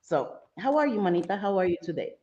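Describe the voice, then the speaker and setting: A woman's voice: medium pitch, very animated, fast, dark tone. Chatty woman hosting a lo-fi livestream. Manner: chatty, reads chat names aloud, laughs easily. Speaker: livestream host. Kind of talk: casual livestream chat.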